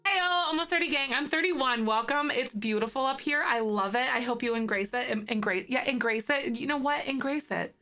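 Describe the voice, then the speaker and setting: A woman in her thirties chatting with live viewers in a bubbly, rambling, giggly way. Her voice is slightly hoarse from morning throat. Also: sits high, fairly quick, hardly any pauses, sharp tone, faint music behind. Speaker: livestreamer. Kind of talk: casual chat with live viewers.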